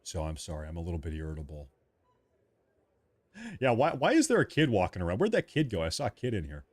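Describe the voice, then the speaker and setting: A man's voice: deep voice, very animated, fast talker, no echo. A man hosting a live stream of political commentary. He reacts to viewer chat in an emphatic, repetitive way, joking about being a little irritable.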